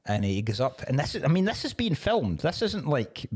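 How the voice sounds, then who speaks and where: A man's voice: fairly high pitch, moderate pace, husky. A man, a comedian co-hosting a podcast, telling sweary stories in casual chat. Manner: sweary, storytelling, animated.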